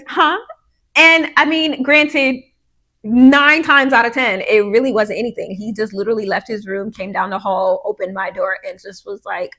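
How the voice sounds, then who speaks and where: A woman's voice: on the high side, fairly bright tone. A woman in her thirties hosting a podcast, talking in a casual, heartfelt monologue with lots of fillers, now and then acting out what her kids say. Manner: conversational, frequent fillers, acts out quotes of her kids. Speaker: podcast host.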